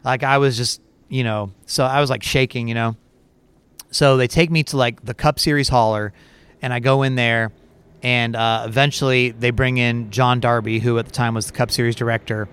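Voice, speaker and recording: A man co-hosting a podcast, telling a story in a casual, animated way with plenty of fillers. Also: medium pitch, normal speed, clean tone. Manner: animated, chatty, lots of fillers and laughs. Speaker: podcast co-host.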